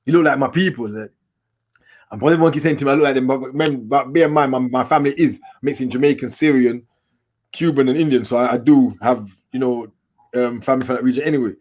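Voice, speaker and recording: Medium in pitch and quick in pace, the voice belongs to a middle-aged man from England. As an interview guest, this documentary filmmaker animatedly recounts his stories in casual street slang.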